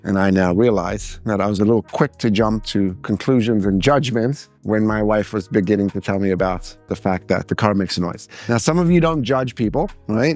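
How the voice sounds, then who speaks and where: A middle-aged man giving a seminar talk, lively and animated, acting out anecdotes and mimicking other people's voices. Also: fairly low pitch. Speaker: speaker.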